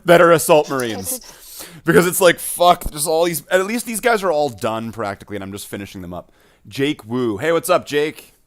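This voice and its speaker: A man hosting a casual painting stream. He talks in a halting way and repeats his words. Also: on the high side, animated. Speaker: host of a miniature painting stream.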